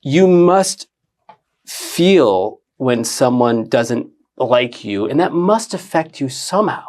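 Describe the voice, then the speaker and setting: A man hosting a podcast interview, asking questions in an animated way, stammering and retelling conversations. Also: mid-range voice, takes it slowly. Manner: animated storyteller, stammers, quotes others. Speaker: podcast host.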